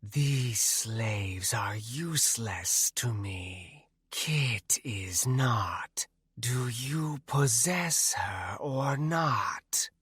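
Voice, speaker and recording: A man voicing a cold, commanding female shadow wraith in a whispered role-play, with a haunting, ethereal hiss and slow, clipped words. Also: medium pitch, animated, fairly bright tone, husky, no room sound, clean studio sound, full character voice.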